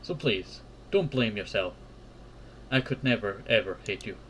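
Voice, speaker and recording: A man reading the lines of a tender, loyal young woman friend in a visual novel game, gently and reassuringly, in an everyday voice. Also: fairly low pitch, expressive, a little slow, slight background noise, poor audio.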